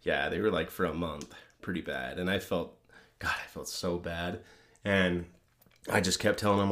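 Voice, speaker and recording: Low and steady, at a normal pace with a fairly bright tone, a middle-aged male podcast co-host makes easygoing small talk. His stories keep breaking into laughter.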